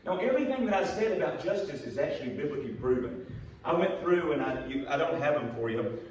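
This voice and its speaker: A man with a drawl teaches a Bible class in a plainspoken, folksy way, quick to poke fun at himself. His voice comes from well off the mic and rings around a very echoey church room. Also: a little high, very animated, a little mellow, distant mic, a little hiss or hum. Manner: folksy, plainspoken, self-deprecating. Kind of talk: storytelling Bible class lesson.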